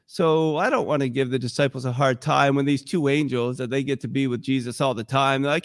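A man's voice: mid-range voice, steady tone, a little fast, hardly any pauses, dry recording, clean studio sound. A man preaching a sermon in a church, talking in a conversational, emotional and impassioned way. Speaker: pastor.

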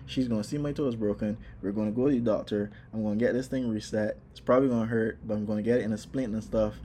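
A man casually telling a personal story, animated, acting out his own exclamations. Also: lowish voice, fast talker, slight background noise.

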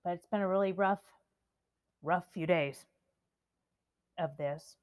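A woman in her fifties hosts a solo podcast, talking slowly and with heavy emotion. Her voice sits a little low, and she lingers over each phrase. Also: a little mellow. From United States. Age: 50s. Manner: emotional, slow and deliberate, reading names. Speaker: podcast host.

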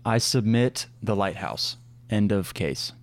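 A man's voice: on the low side, animated, takes it slowly. Enthusiastic young man reviewing movies. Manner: enthusiastic, lots of "like" fillers. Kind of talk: casual movie review chat.

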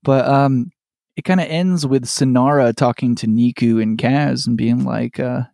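A man's voice: mid-range voice, fairly even intonation, measured pace, gravelly, dark tone, no echo, studio quality. Man rambling through a show recap. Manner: rambling, restarts phrases, laughs often. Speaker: podcast co-host. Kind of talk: casual chat recapping a TV episode.

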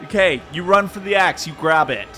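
A man running an improvised horror game as game master, narrating with teasing drama and sudden jumps in pitch. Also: animated, fairly quick, sharp tone, soft background music.

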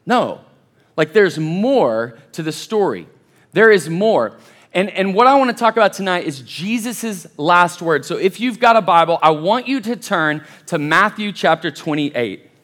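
A man's voice: high voice, expressive, measured pace, fairly bright tone. A young man preaching a casual sermon as a college pastor, chatty and self-deprecating, calling the crowd "y'all". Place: church service.

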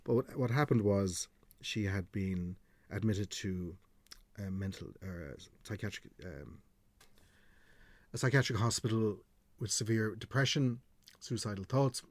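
Irish male radio presenter, middle-aged, low-pitched, frank and chatty, close dry sound. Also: measured pace, pauses often, no echo. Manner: chatty, frank, swears freely. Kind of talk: podcast conversation, storytelling.

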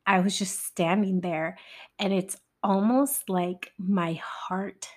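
A woman telling a personal story in a halting, candid way, with many fillers and pauses. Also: medium pitch, steady tone, darkish tone. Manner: candid, occasionally swearing. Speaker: survivor sharing her story.

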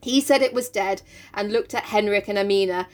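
A woman's voice: medium pitch, fairly quick, darkish tone. A woman co-hosting a casual book-club podcast. She reads passages aloud, then jokes about them and laughs often. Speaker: podcast co-host reading and discussing a novel.

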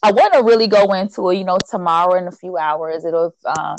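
A woman's voice: on the low side, brisk, lo-fi sound, slight background noise. A woman hosting a podcast in casual chat, upbeat and loose with lots of ums and repeated words. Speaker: podcast host.

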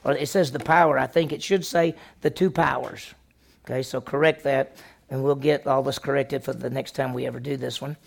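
The voice is a man's, medium in pitch, gravelly, fairly even in intonation and a little fast. As senior pastor, he teaches a conversational lesson with folksy personal stories, raising questions for the congregation and then supplying the answers.

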